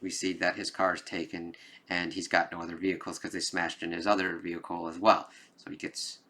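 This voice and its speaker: A man's voice: sits low, flat delivery, brisk, bright, forceful tone. A man giving a casual spoken movie review, rambling with lots of fillers and occasional emphatic cursing. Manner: rambling, loose, lots of "like" and "kind of". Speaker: film reviewer.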